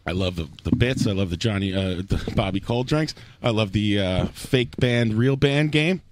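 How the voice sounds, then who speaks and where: A man's voice: lowish voice, normal speed, slight background noise. A man hosting a casual talk show, rambling and laughing often. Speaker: podcast host. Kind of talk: casual chat.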